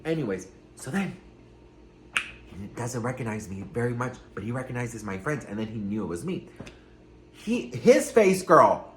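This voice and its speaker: A man's voice: medium pitch, sing-song, moderate pace, pauses often, slight background noise. A man hosting a casual celebrity gossip vlog, sassy and dramatic, swearing freely, recorded with room echo. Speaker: gossip vlogger.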